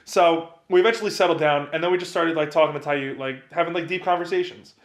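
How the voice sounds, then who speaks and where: A man's voice: on the high side, fast talker. A young man from New Jersey, co-hosting a podcast and telling a rambling story in casual chat, often repeating himself. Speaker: podcast co-host. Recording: roomy echo.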